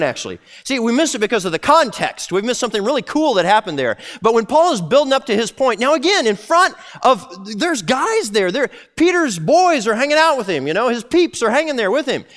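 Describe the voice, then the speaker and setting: A pastor delivers a sermon in a high, lively voice that leaps up and down as he talks. He keeps it conversational and animated, tossing in quick voiced asides.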